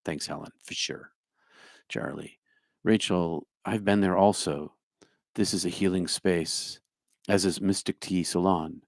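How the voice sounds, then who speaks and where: A man's voice: sits low, steady tone, a little slow, no room sound, studio quality. A middle-aged man with a New Jersey accent, a spiritual speaker answering his live chat by name, musing and humming to himself. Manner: musing, talks to viewers by name, hums to himself. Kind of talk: livestream chat reply.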